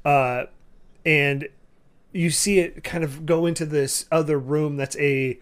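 A man narrating a tabletop game as game master, halting and full of fillers and restarts. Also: a little high, steady tone.

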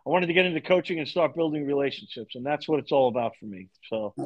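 A middle-aged man from Long Island tells long stories as a podcast guest, slipping into the voices of the people he quotes. His voice sits a little high for a man. The recording has a dull, lo-fi sound. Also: quick pace. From Long Island, New York. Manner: animated storyteller, acts out quoted dialogue. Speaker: podcast guest, lacrosse coach. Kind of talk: storytelling in a podcast interview.

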